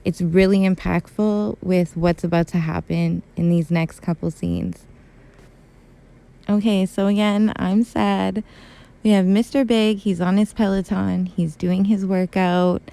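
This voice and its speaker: A young woman YouTuber with a warm, creaky, medium-pitched voice recaps a TV episode. She chats casually and gushes emotionally, saying "like" and "super" constantly.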